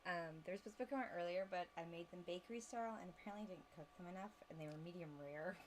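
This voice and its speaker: A woman's voice: on the low side, racing, background noise. A woman, the host's wife, chatting casually and teasing him from across the room at home. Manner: relaxed, giggly teasing. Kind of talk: casual chat.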